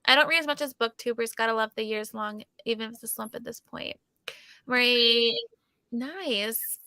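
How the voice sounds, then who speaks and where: Chatty, bright young woman host. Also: fairly high pitch, normal speed, no echo, studio quality. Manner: chatty, many "like" fillers, laughs often. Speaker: livestream host. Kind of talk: casual chat.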